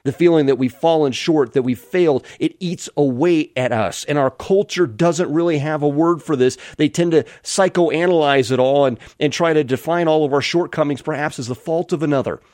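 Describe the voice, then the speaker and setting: A man's voice: on the high side, normal speed, hardly any pauses, darkish tone, no echo. Earnest male pastor preaching a sermon. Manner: earnest storytelling with frequent restarts.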